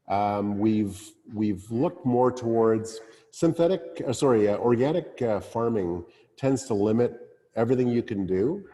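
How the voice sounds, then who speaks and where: A man's voice: mid-range voice, mellow, big-room sound. A man, a winemaker, speaking casually at a wine tasting, with many fillers and restarts. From Canada.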